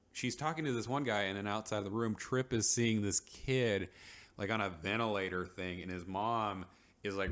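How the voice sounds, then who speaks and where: Recapping a TV episode, this vlogger rambles casually and uses many fillers, mocking characters in rapid quoted asides. His voice is lowish and a bit bright.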